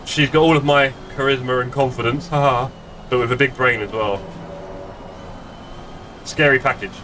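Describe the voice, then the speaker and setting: Using a desk streaming mic in his home gaming room, a middle-aged man live-streams sim racing and rambles casually with viewers, often teasing himself. His mid-range voice has fairly even intonation at a normal speed, and there's noise in the background.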